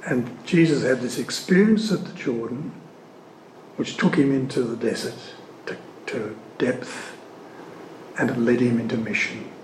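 An earnest male preacher teaches on scripture in a measured voice of ordinary pitch, pressing on key words and pausing between phrases. His voice rings around a roomy, echoing space. A faint hum of ambience sits underneath. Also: darkish tone. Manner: earnest and emphatic, leaning hard on key words, pausing often. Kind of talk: sermon-style teaching talk. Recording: echoey room.

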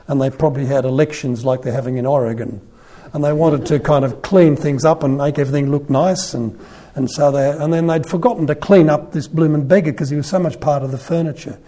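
A man giving a conversational sermon, retelling a Gospel story in an animated, storytelling way. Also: fairly high pitch, brisk.

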